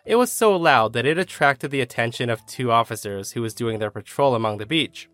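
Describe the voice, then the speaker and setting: Brief: male storyteller, expressive pitch, dry mic, soft backing music. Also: a little fast, dry recording. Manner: animated storytelling, casual asides. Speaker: story narrator. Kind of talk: scripted narration of reader stories.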